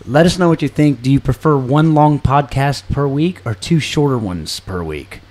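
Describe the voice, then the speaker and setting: A man's voice: mid-range voice, lively intonation, normal speed, darkish tone. Man, podcast host, casual chat, rambling, laughs a lot.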